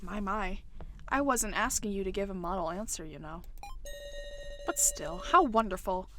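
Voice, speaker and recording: A woman voicing a calm, kindly older male professor in a game, speaking softly and formally. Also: medium pitch, noisy background, natural voice. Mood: reflective. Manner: soft-spoken, measured, formal. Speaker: game character.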